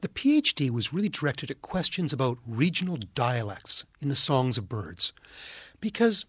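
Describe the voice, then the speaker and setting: A man's voice: mid-range voice, big pitch swings, normal speed, pushed and bright, slightly rough, no room sound, studio quality. A man with a Canadian accent, an ornithologist telling stories with enthusiasm in an interview. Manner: enthusiastic, storytelling. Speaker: ornithologist guest. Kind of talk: casual interview talk.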